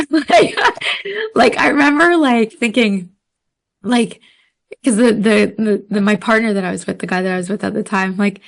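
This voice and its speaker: A woman telling a story in casual podcast chat, animated, laughing often and using many fillers. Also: medium pitch, moderate pace, gravelly. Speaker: podcast guest.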